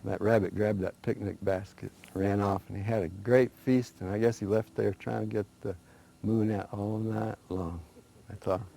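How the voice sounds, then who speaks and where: A man telling traditional folktales in a relaxed, conversational way, with small restarts. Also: lowish voice, moderate pace, vocal fry. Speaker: storyteller guest. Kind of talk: oral folk storytelling.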